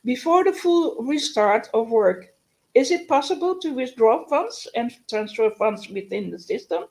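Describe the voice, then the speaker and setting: Slow, halting woman with a high voice. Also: expressive, a little mellow, low-quality recording. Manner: halting, stumbles and restarts often; exasperated, complaining. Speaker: host of live news and Q&A. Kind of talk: live stream news update.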